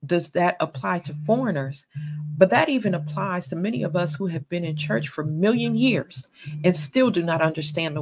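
A woman's voice: lowish voice, gravelly, breathy edge, rough recording. A woman giving a sermon-style Bible teaching, earnest and conversational, with emphatic stresses.

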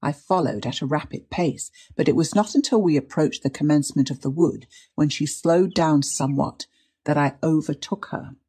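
A woman reading a period mystery story aloud in a measured, dramatic narration. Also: sits low, dark tone, breathy edge. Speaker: audiobook reader. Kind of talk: scripted narration.

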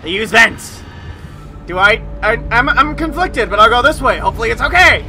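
Jumpy, high-pitched gamer yelping at scares. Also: male voice, normal speed. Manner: excitable, yelps and swears when startled. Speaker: let's play gamer. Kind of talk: first-time playthrough commentary. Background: game music and sound effects.

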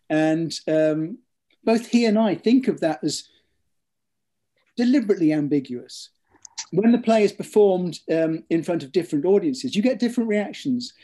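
Here an author shares stories in a contemplative interview, his voice soft, mellow, and slightly high. He speaks in a measured manner, regularly restarting with ums and repeated words.

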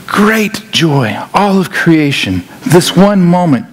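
Animated pastor with a raised voice. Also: male voice, a little high, takes it slowly, hardly any pauses. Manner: animated, acts out scenes, repeats words. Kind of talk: sermon.

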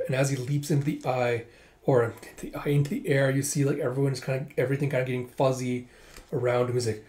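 A man casually reading through a manga aloud. He describes the panels and lightly voices the characters' lines with quick asides. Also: medium pitch, level tone, darkish tone. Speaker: manga reader. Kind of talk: casual manga readthrough narration.

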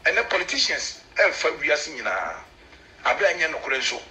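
A man with a Ghanaian accent, a chief's spokesman, explaining customs in an animated, emphatic way to a local news camera. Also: fairly high pitch, measured pace, slight background noise, rough recording.

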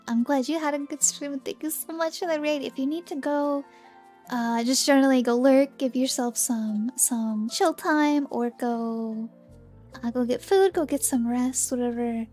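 Bubbly high-voiced woman streamer. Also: warm tone. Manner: bubbly, giggly, chatting to viewers. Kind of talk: casual game livestream chat.

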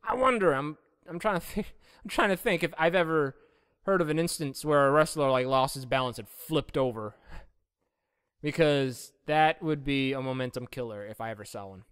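A man's voice: a little high, moderate pace, a bit bright, smooth. A young man commentating a wrestling video game casually, rambling and joking and slipping into mock play-by-play calls. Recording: echoey room, game music behind.

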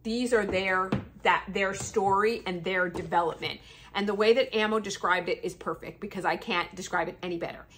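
A woman's voice: medium pitch, normal speed, background noise. A woman chatting casually and enthusiastically about a book series in a review vlog.

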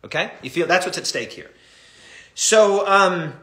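Impassioned pastor with a bright, high voice. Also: male voice, unhurried, echoey room. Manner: animated, impassioned storytelling. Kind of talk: Bible study teaching.

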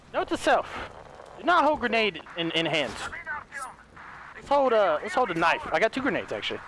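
A man hosting a gaming video, giving excitable casual commentary, yelping and talking back to enemies. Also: sits high, moderate pace, noisy background. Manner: excitable, yelps and talks to enemies. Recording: voice over loud game audio. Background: game sound effects.

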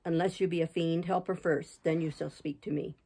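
A woman's voice: sits low, fairly even intonation, a little fast, warm tone, husky. A woman reading an anguished, passionate young man, voicing a fierce lover with intense, reproachful words. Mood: grim.

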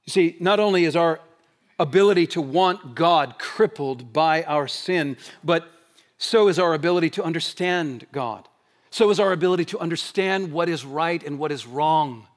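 A man preaching from the pulpit in a voice set a little higher than most men's. He drives his points home with insistent repeated questions, then sinks into quiet, low passages for weight. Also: normal speed. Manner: emphatic repeated rhetorical questions; shifts between loud proclaiming and low quiet stretches. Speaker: pastor. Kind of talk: sermon.

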